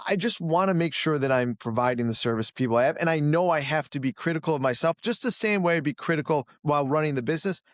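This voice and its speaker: A man's voice: on the high side, quick pace, hardly any pauses, no echo, studio quality. A man who coaches jiu-jitsu and runs a gym, talking in a casual interview, blunt and self-critical, often acting out other people in a raised voice. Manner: animated, acts out quoted people in a raised voice.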